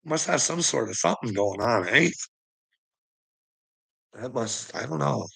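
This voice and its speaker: A man's voice: medium pitch, animated, a little slow, gravelly, a bit bright, breathy edge, poor audio. A man in a casual, rambling monologue, swearing often and laughing between thoughts. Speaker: vlogger.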